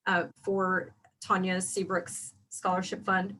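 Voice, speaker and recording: A woman's voice: on the low side, monotone, slow pace, fairly bright tone, a little hiss or hum. Woman host, affirming, conversational interview questions.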